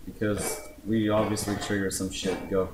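A young man playing a horror game with a friend, excitable and cursing, yelling at jump scares. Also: deep voice, moderate pace, background noise. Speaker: gamer host. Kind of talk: casual horror game commentary. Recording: echoey with game music.

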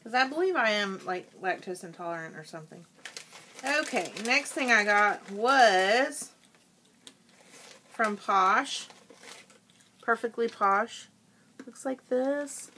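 A woman's voice: fairly high pitch, lively intonation, slow, long pauses, sharp tone, slight background noise. A woman vlogger chatting casually through a product haul at home, talking while she eats.

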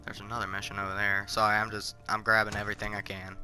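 A man narrating his own gameplay in a casual, blunt way, often confused and quick to swear. His voice is low-pitched but strikingly bright and sharp, with faint game music underneath. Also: monotone, poor audio. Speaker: gamer, let's-play host.

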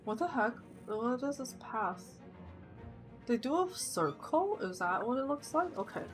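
A woman's voice: fairly high pitch, a little slow, soft background music. Woman streamer narrating her gameplay. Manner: thinks aloud, gets loud and excited when things go wrong. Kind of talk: live gameplay commentary.

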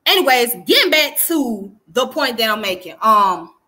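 A woman's voice: a little high, sing-song, normal speed, bright, forceful tone. A woman with a Southern US accent giving frank, casual commentary as she answers viewer comments, repeating her points for emphasis. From Southern United States.

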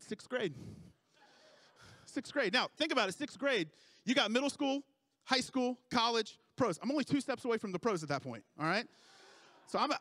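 A man's voice: high-pitched, a bit bright, no echo. A man in his thirties preaching a sermon, telling a self-mocking, joking story about his family. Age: 30s. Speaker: pastor.

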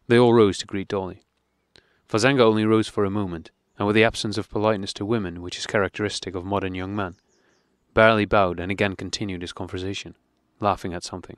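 Lower-voiced man reading a classic novel. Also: steady tone, fast, no room sound, clean studio sound. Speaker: audiobook reader.

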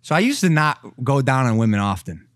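A man's voice: medium pitch, big pitch swings, fairly quick, dry recording. A young man co-hosting a podcast who tells a rambling, crude, self-mocking story with many fillers. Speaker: podcast co-host. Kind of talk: casual storytelling chat.

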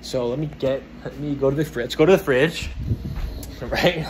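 Casual male vlogger, mid-pitched, walks and talks at home; noisy phone audio. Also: normal speed. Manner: rambling, chatty, self-talking while walking around. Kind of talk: casual vlog chat. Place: at home, indoors. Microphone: phone held while walking.

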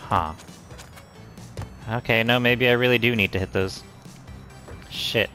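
A man's voice: medium pitch, steady tone, a little slow, sharp tone. A man giving casual gameplay commentary, frustrated and swearing as he talks to the game. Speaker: let's play gamer. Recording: game music playing behind.

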